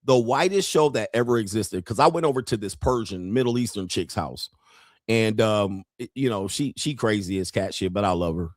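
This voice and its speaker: A man's voice: on the low side, animated, moderate pace, dry recording, clean studio sound. A man hosting a casual live stream, talking straight to his viewers in a brash, profane, rambling way with frequent laughter.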